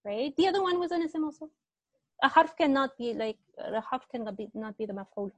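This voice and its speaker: A woman teaches an online grammar class with a fairly high voice. She quizzes her students patiently, repeating questions and answers back to them. The sound is dry, with little room around it. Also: brisk, no echo.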